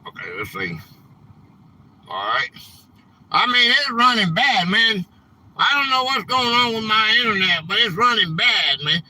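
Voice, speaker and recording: A man hosts a casual live stream in a high, bright voice. He talks slowly and rambles, gets worked up when things break, and tacks "man" onto his sentences. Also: sing-song, slight background noise, rough recording. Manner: rambling, easily frustrated, says "man" often.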